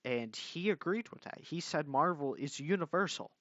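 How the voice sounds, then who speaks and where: A man's voice: on the high side, animated, moderate pace, a bit bright, no room sound. A young man ranting in a commentary video, exasperated and mocking, swearing at someone he disagrees with. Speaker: commentary youtuber. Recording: dull lo-fi dry mic.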